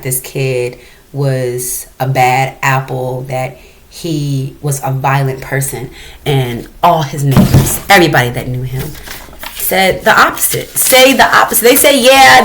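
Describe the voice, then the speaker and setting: A woman's voice: low voice, a bit bright, slight background noise, poor audio. A woman hosting a reaction commentary, talking in an angry, confrontational and profane way. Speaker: commentary host.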